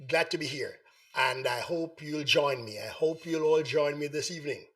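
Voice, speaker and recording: A man hosting a live online talk show, hoarse from the flu, repeatedly coaxing viewers to join in. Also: on the high side, moderate pace, fairly bright tone. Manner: repetitive, coaxing appeals to viewers. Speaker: host.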